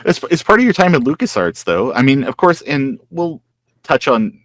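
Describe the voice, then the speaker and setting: A man's voice: medium pitch, sing-song, moderate pace, a bit bright, no room sound. A man hosting an interview, chatting casually and swapping stories, often trailing off and restarting. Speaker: host.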